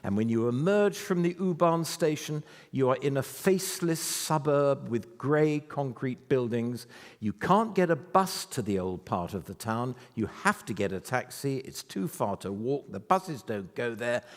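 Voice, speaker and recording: A man's voice: medium pitch, big pitch swings, a little slow. A man in his eighties giving an anecdotal, self-deprecating talk about his life to a festival audience. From United Kingdom. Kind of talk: storytelling lecture to a live audience. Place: festival venue before an audience. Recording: reverberant hall.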